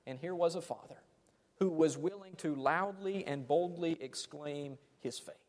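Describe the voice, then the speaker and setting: A man's voice: a little high, a little slow, darkish tone. A man preaching a sermon, dramatic, letting his phrases fade off almost to silence. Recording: long hall reverb.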